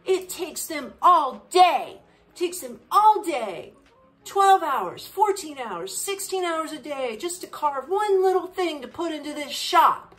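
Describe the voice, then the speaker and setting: A woman's voice: sits high, lively intonation, takes it slowly, fairly bright tone, voice pushed up, full character voice. A woman voicing an indignant female shop clerk who lectures a tourist in an exasperated tone.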